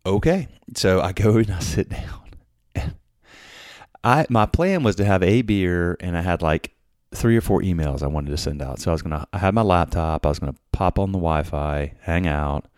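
A man's voice: deep voice, moderate pace, darkish tone, no room sound, studio quality. A man telling a work story casually, full of fillers and restarts, acting out the quoted dialogue. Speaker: podcast host telling a story.

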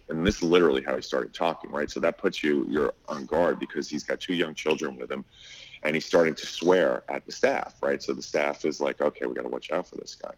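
This restaurant owner, middle-aged, has a rumbling low voice and speaks a little fast. Telling a story in a casual interview, he performs the quotes and leans on many fillers, while the poor recording has slight background noise.

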